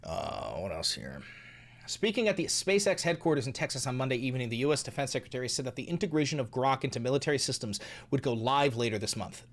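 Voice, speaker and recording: A man's voice: medium pitch, sing-song, fast talker. A young man hosting a commentary vlog, ranting in a heated, mocking and profane way. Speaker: host.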